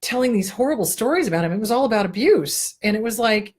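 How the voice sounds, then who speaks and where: A woman's voice: fairly high pitch, expressive, fast, breathy edge. A woman hosting an advice talk, speaking bluntly, swearing freely and telling jokes with little voices. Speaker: therapist and show host.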